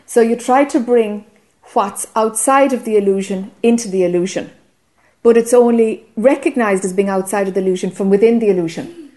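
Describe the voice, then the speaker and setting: A woman's voice: medium pitch, moderate pace, dark tone. A woman with an Irish accent giving a spiritual teaching talk to a group, earnest and often checking whether listeners follow.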